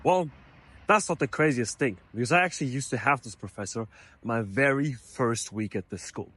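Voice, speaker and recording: A young man from Germany telling a college story in a casual, animated way, full of fillers. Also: medium pitch, normal speed, husky. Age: young adult. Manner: animated, many fillers like "like" and "you know". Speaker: vlogger, college student.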